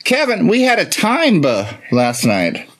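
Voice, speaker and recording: A man's voice: a little high, very animated, normal speed, husky. A man voicing a flamboyant, boastful southern belle lady with a Kentucky accent who calls everyone darling. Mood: flirty, boastful. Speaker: co-host. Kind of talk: improvised comedy live stream.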